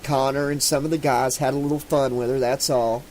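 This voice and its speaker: A man's voice: mid-range voice, level tone, a little fast, darkish tone, slight background noise, natural voice, low-quality recording. A man voicing a young Southern American jock, his speech slightly slurred and defensive.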